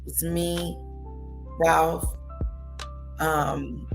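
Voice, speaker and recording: A woman's voice: deep voice, level tone, very slow, gravelly, faint music behind. A woman streamer giving gossipy, scornful commentary as she tells the story of a feud.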